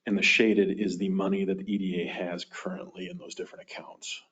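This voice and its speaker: A man's voice: low-pitched, fairly even intonation, a little fast, a bit bright. A man on a town development board, plainly walking the others through the monthly finances with a dry sarcastic streak. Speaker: EDA board member giving financial report. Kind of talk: casual meeting talk. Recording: dull lo-fi meeting recording.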